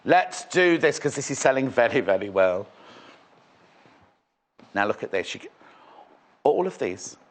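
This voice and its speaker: A man's voice: mid-range voice, sing-song, measured pace, long pauses. A man presenting live on a shopping channel in a studio, with chatty, rambling sales patter.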